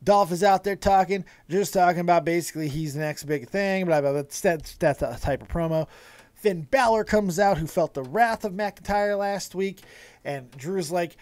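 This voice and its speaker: A man hosting a casual wrestling review show, talking in an animated, profane way with laughing asides and frequent swearing. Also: high-pitched, normal speed, dry recording.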